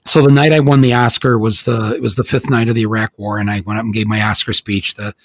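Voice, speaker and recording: Husky-voiced older man telling stories. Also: fairly low pitch, fast talker. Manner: animated storyteller, many restarts. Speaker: podcast host. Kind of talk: casual podcast conversation.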